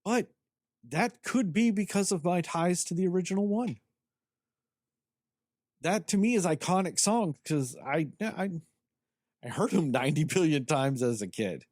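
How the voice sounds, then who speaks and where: A man's voice: high voice, a little slow, pauses often, dry recording. A man co-hosting a podcast, ranting about a film in casual chat, sarcastic and full of swearing. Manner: animated, profane, sarcastic. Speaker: podcast co-host. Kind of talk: casual movie review chat.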